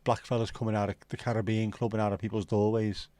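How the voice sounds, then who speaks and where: A man's voice: fairly low pitch, flat delivery, fast talker, dark tone, no room sound. Sweary Scouse man rambling on stream. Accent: Scouse, South Liverpool. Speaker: livestream host. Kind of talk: casual livestream chat.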